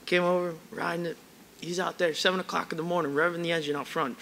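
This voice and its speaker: A man's voice: a little high, flat delivery, quick pace, creaky, fairly bright tone, a little hiss or hum. A man speaking at a friend's memorial service, telling a story casually and rambling with fillers. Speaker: friend giving a eulogy. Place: church hall.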